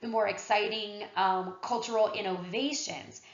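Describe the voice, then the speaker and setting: A woman's voice: mid-range voice, steady tone, moderate pace. Woman history teacher, casual classroom lecture delivery with fillers, roomy echo, slightly dull sound.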